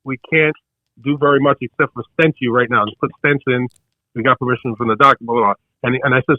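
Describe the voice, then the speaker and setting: A man's voice: mid-range voice, dry recording, phone-quality sound. An older man, the hosts' father, telling a story in casual chat and acting out what others said. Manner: rapid, excited storyteller acting out others' lines.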